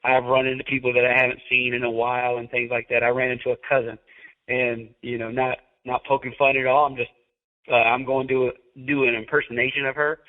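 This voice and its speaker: A man with a Southern accent chats loosely and laughs often, full of "you know" fillers. His voice sits at a middle pitch. The audio is narrow and tinny, like a phone call. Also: level tone, brisk. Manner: chatty and laughing, many fillers. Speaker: podcast host. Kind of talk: casual chat.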